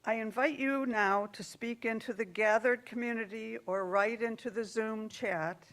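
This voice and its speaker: Slow, gentle woman leading worship. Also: mid-range voice. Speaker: worship service leader.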